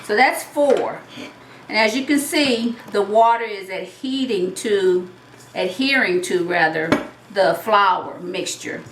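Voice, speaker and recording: A Southern woman hosts a home cooking demonstration, taking her time and talking through each step. She sounds a little way off from the mic in a roomy home kitchen, with dishes and utensils clinking quietly behind her. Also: mid-range voice, slow, far from the mic, a little hiss or hum. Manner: chatty, step-by-step explaining. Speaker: cooking show host.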